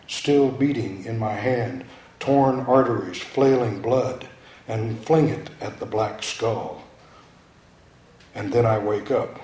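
A man reading poetry aloud in a slow, incantatory, dramatic way. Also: mid-range voice, darkish tone, a little hiss or hum. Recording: roomy echo.

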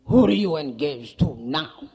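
A woman's voice: low voice, expressive, unhurried, warm tone, slightly rough, heavily acted. A woman voicing an exasperated father who barks orders at his daughter. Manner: stern, barking. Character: stern, exasperated Italian father.

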